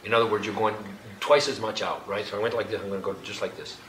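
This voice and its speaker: A man with a fairly low voice leads a group exercise, speaking in slow, gentle instructions. The sound is roomy and echoey, with clear background noise in the hall. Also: steady tone. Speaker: workshop leader. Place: hall with an audience.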